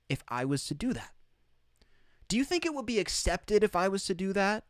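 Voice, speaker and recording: A man's voice: sits high, expressive, normal speed, pauses often, dry recording, clean studio sound. A man hosting an opinion commentary, talking emphatically and incredulously, often repeating his points for effect. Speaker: commentary host.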